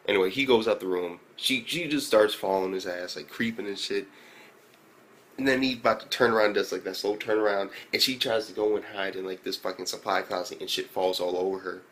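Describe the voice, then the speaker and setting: A man giving a casual anime episode review, swearing constantly and rambling through fillers, sometimes jumping into excited reactions. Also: fairly quick. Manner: profane, loose storytelling full of fillers; jumps to excited high-pitched reactions.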